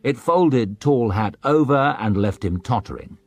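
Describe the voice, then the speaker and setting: A man narrating an audiobook in a dramatic, expressive storytelling manner. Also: mid-range voice, a little slow, soft background music.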